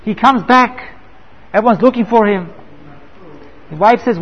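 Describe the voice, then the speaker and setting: A man's voice: high-pitched, measured pace, pauses often, slightly rough. A man giving a Torah lecture, telling a parable and asking rhetorical questions. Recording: echoey hall, dull lo-fi sound.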